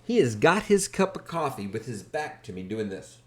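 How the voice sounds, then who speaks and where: A man hosts a podcast and tells a personal story in a loose, casual way. His pitch moves a lot as he talks, and he slips in wry asides along the way. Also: moderate pace. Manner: animated, wry anecdotal telling. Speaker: podcast host.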